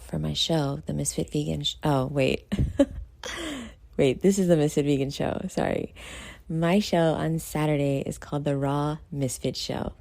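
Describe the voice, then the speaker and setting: Tired, gravelly low-voiced woman host. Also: dark tone, no room sound. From New York. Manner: self-critical, rambling with many fillers. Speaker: show host. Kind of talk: casual late-night vlog talk.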